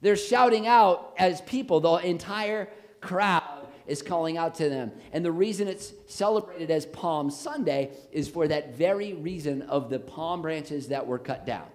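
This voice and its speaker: A man with an American accent, a pastor preaching a lively, jokey sermon in a church on a handheld mic. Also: a little high, measured pace. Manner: animated, jokey, rising to shouts on quotes. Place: church sanctuary. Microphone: handheld microphone, later switched off.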